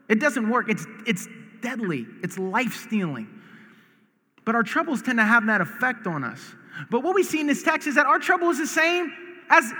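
High bright-voiced man preaching in a hall. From United States. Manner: earnest, repeats words, rises to emphatic shouts. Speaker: pastor. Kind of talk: sermon. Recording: long reverb of a large hall.

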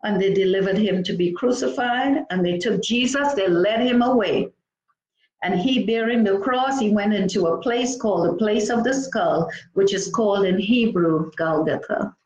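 A woman's voice: mid-range voice, normal speed, darkish tone. Woman preaching scripture in an echoey room. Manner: reads scripture aloud with exclamations between verses. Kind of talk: scripture-reading sermon.

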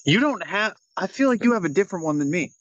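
A man's voice: high-pitched, animated, fast talker, no room sound, dull audio. A man co-hosting a casual chat over a video call, laughing often and swearing as he tells stories. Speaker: podcast co-host.

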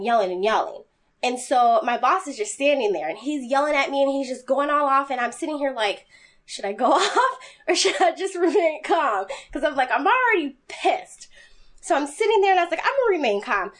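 A woman chatting casually, telling an animated story and acting out what people said. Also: high-pitched. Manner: animated, quotes people in voices.

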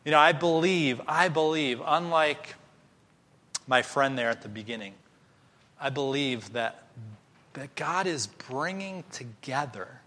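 A man preaching a sermon, telling a story with animated voices for each character. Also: medium pitch, measured pace. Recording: long hall reverb.

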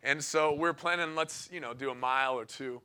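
Young male preacher, casual and excitable, clear bright voice, laughs a lot mid-story. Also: medium pitch, moderate pace. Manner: casual and enthusiastic, laughing often between phrases. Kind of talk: sermon with personal storytelling.

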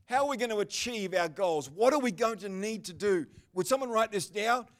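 A pastor delivers a sermon in a church service, his voice high for a man and his pace brisk. His animated preaching swings between rising, emphatic bursts and calm, quiet asides, as he chats and jokes with congregation members in the pews by name.

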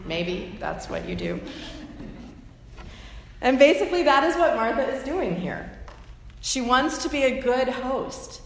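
A woman preaching a sermon, retelling a story with imaginative detail and gentle asides. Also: high voice, big pitch swings, a little slow, long pauses, slight background noise. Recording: echoey hall with faint ambience.

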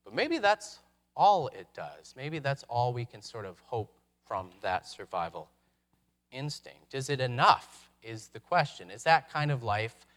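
A man preaching a sermon, reflective, posing rhetorical questions with dramatic pauses. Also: mid-range voice, big pitch swings, fairly bright tone. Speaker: pastor.

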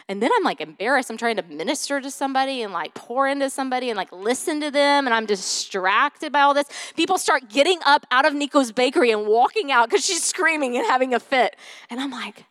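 Woman pastor, sermon, casual storytelling, somewhat high voice, swings loud to whispered. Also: animated, a little fast, long reverb tail. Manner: conversational storytelling with many fillers.

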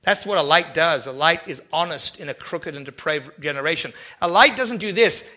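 A man preaching a sermon as pastor, animated, with sudden loud emphatic bursts. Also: a little high, moderate pace, few pauses.

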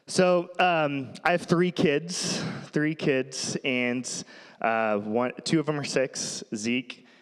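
A man's voice: mid-range voice, slow, smooth. A man in his thirties giving a sermon, telling family stories in a casual, rambling way and laughing often. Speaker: pastor. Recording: long hall reverb.

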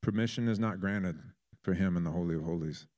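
A man preaching a sermon in a fervent manner, building to loud, emphatic peaks. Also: low voice, brisk.

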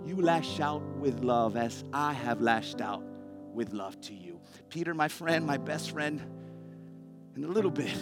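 A preacher acting out a loving Jesus who talks to his friends like a brother, warm and pleading and casual, with a slightly raised voice. Soft guitar plays behind him. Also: fairly high pitch. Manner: warm, pleading, familiar, calls people buddy and man. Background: soft guitar music.

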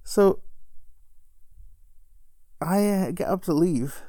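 A woman's voice: fairly low pitch, very slow, mellow, no echo. A woman telling a story in casual chat, rambling and self-deprecating with frequent chuckles. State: recovering alcoholic.

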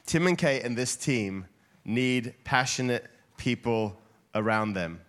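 A man preaching a sermon in a church hall, lively and playful, getting the congregation to shout along with him. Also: medium pitch, slow. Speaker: guest preacher.

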